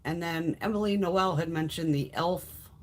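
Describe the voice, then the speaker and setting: A woman's voice: lowish voice, moderate pace. A woman hosting a casual beauty haul live stream, chatty and blunt, swearing freely as she greets viewers. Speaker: beauty livestream host.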